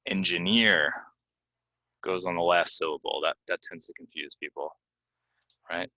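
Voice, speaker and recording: A man teaching English pronunciation from slides, repeating each word slowly and giving example sentences with many ums. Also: low voice, flat delivery, bright, forceful tone, dry recording, rough recording. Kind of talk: slide-based pronunciation lesson.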